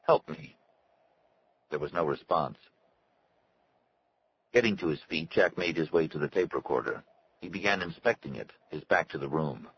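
A man narrating a story in a measured, scripted reading style. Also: rumbling low, muffled recording, slight background noise. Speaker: audiobook narrator.

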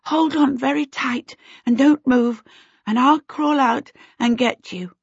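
A woman voicing an impatient, sharp-tongued teenage girl in a storybook reading, in a dull lo-fi recording. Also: medium pitch, normal speed, husky, dry recording, close to an everyday voice. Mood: anxious, snappish. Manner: urgent and sharp.

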